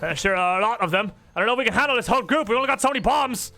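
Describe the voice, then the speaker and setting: A man's voice: sits high, animated, rapid-fire, gravelly, sharp tone, soft background music, pitched above the performer's own voice, exaggerated voice. A man doing a hissing panicky rat-man. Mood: nervous. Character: jittery male ratfolk bomb-thrower.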